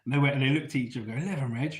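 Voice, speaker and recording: A man's voice: medium pitch, steady tone, very fast, echoey room. A man from England, telling stories casually in a chatty, laddish way and swearing freely. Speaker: storyteller host. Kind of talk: casual storytelling.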